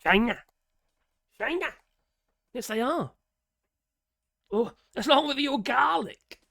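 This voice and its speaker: A British man with a raspy voice giving casual, sarcastic commentary, exasperated and swearing freely. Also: extremely high pitch, slow pace, bright, forceful tone, no echo, studio quality. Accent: British English. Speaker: political commentator.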